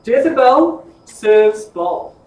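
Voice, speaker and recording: A man teaching an informal Bible study, telling the stories in a lively, jokey way. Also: extremely high pitch, very slow. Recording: echoey room from far off.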